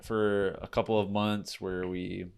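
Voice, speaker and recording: A man co-hosting a comedy podcast, chatting casually and handing out mock advice in a deadpan way. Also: lowish voice, measured pace, creaky, clean tone. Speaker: podcast co-host.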